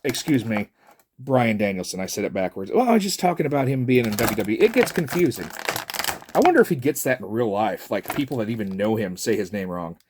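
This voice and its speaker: A middle-aged man chats casually and jokily as a toy reviewer, rambling along with plenty of fillers. His voice is lowish with big pitch swings, he talks fast, and there's noise in the background.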